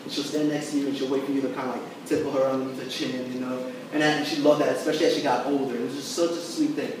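A man preaching a sermon as pastor, talking in a conversational, animated way and checking in with the congregation as he goes. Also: mid-range voice, quick pace, background noise. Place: church sanctuary. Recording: echoey church hall, mic at a distance.

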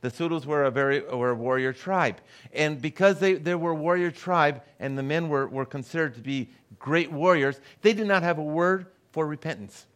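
A man's voice: fairly high pitch, moderate pace, hardly any pauses, a bit bright, smooth. A middle-aged man preaching a sermon as a guest pastor, telling stories and acting out the people he quotes. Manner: storytelling, acts out the voices of people he quotes.

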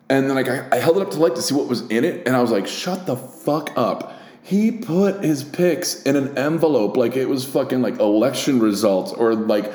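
A man hosting a casual solo podcast, talking in a rambling, profane, animated way with many fillers. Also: mid-range voice, reverberant. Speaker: podcast host.

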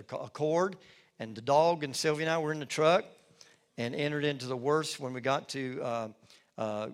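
A middle-aged man preaches from the pulpit, sharing his own testimony. He speaks in a folksy storytelling manner and pokes fun at himself. His voice sits at an ordinary pitch for a man. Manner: folksy storytelling with self-deprecating humor. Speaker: lead pastor. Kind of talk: sermon with personal testimony.

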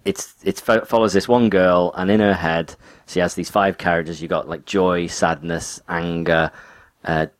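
A man's voice: low voice, fairly even intonation, normal speed. A man, co-hosting a podcast in casual, rambling chat with lots of restarts. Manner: rambling, laughs a lot, many restarts. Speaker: podcast co-host.

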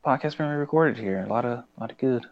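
A man co-hosting a casual podcast, halting and stumbling over his words. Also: medium pitch, dull audio. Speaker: podcast co-host. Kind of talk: casual chat.

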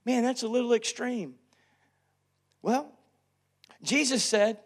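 A pastor in his thirties preaching a sermon, acting out family quarrels and swinging from loud to hushed. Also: extremely high pitch, lively intonation, measured pace.

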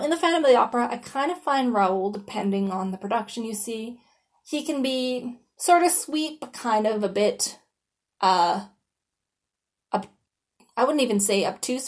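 A woman's voice: fairly high pitch, animated, moderate pace. A woman hosting a podcast in a casual solo monologue. She talks in a chatty, informal way, with lots of "you know" and "like", and swears freely. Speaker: podcast host.

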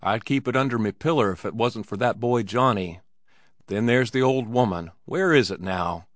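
A man's voice: on the low side, normal speed, no echo, studio quality, natural voice. A man doing an old brogue-tinged hotel keeper. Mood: muttering. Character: old male hotel keeper, gruff and coaxing.

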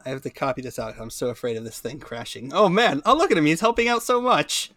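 A man's voice: a little high, quick pace, dry recording, studio quality. A man co-hosting a podcast, chatting animatedly and reading a short silly story. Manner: animated, laughs often. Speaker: podcast co-host. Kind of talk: casual chat and storytelling.

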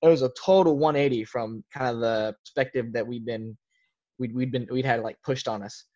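A man's voice: medium pitch, steady tone, moderate pace, warm tone, muffled recording. A young man, a podcast guest, telling a casual story in a rambling way, full of filler words. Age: young adult.

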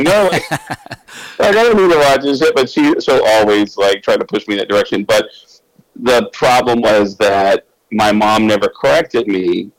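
A man's voice: on the low side, lively intonation, moderate pace, dry recording, poor audio. A male comedian guest telling loose, casual anecdotes, swearing freely and laughing between lines.

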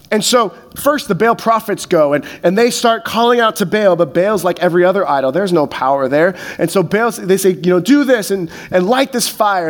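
High-voiced man preaching casually. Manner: casual and joking, many fillers. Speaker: pastor. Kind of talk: sermon.

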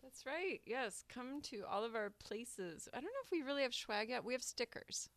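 A woman's voice: a little high, animated, moderate pace, fairly bright tone. A woman co-hosting a podcast in casual chat, upbeat, bubbly and a little rambling. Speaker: podcast co-host.

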